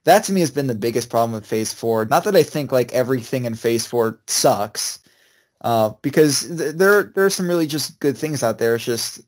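Speaking in a medium-pitched, slightly mellow voice, a young podcast co-host chats casually, his talk hesitant and wandering, full of restarts.

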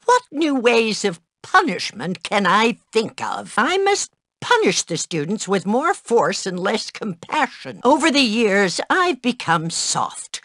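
An actress voicing a strict, prim, easily outraged dorm mother in a video game, scolding and shrill in her outbursts. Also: a bit bright, dry recording, clean studio sound, full character voice. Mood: severe. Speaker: girls' dorm matron in a school video game.

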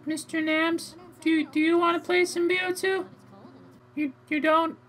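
A man doing a squeaky chirpy young gamer. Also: level tone, measured pace, fairly bright tone.

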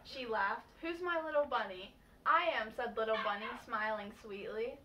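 A woman reading a children's storybook aloud in a steady, clear way. It is a distant home recording with faint noise. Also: fairly high pitch, normal speed. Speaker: reader helping tell the story.

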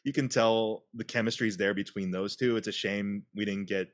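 A man hosting a casual podcast chat, retelling scenes with laughs and quick put-on voices. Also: on the low side. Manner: animated retelling, acts out quotes with laughs. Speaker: podcast host.

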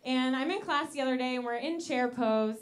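A young woman doing a stand-up comedy set on a club stage into a handheld mic, with a deadpan delivery and slow pauses. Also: high-pitched. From Italian-American family. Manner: deadpan delivery, slow pauses, sudden shouted outbursts in put-on voices.

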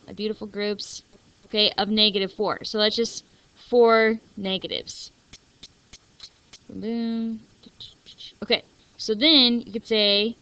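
A woman's voice: mid-range voice, sharp tone, clear, resonant tone, no room sound, lo-fi sound. A young woman teaching a math lesson in a chatty, self-deprecating way over a screencast.

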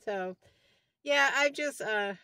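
A woman's voice: high voice, takes it slowly, creaky, pushed and bright, clean tone, dry recording. A woman in her sixties talking to her followers in a heartfelt, rambling way. She often repeats herself and keeps thanking God between thoughts. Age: 60s. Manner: openly devout, praising God between thoughts. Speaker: vlogger giving a personal health update. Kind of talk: casual talk to camera. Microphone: phone.

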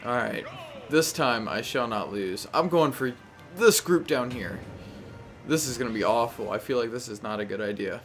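Animated young man narrating his gameplay. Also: mid-range voice, moderate pace, faint music behind. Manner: animated, talks to the game, frequent exclamations. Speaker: gameplay commentator. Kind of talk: casual live gameplay commentary.

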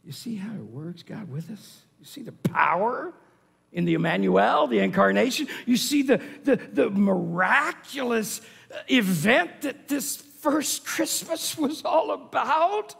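A middle-aged man preaching a sermon as pastor, swinging dramatically between shouting and whispering. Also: extremely high pitch, animated, measured pace, vocal fry, husky. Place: large church sanctuary. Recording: echoey church hall.

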